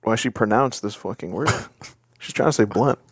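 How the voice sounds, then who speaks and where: A man's voice: fairly low pitch, moderate pace, husky, no echo, studio quality. A young man co-hosting a casual reaction chat, laid-back, jokey and profane. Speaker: co-host.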